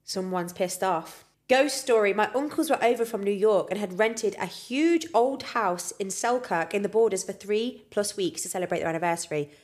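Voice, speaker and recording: A woman's voice: medium pitch, moderate pace, hardly any pauses. A young woman co-hosting a podcast, reading out listener ghost stories with lots of feeling and frequent swearing and laughter. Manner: expressive, swears freely, laughs often. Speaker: podcast co-host.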